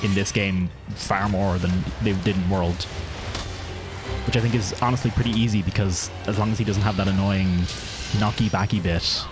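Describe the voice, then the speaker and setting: Low, monotone male game streamer. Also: moderate pace. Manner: self-described monotone, dry and offhand. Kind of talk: casual live-stream gameplay commentary. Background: game music.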